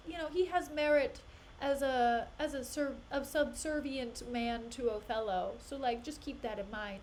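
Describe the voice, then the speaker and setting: A young woman streaming a play reading, breaking off into animated, exasperated rants and laughter. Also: high-pitched, normal speed. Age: young adult. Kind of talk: casual live-stream commentary.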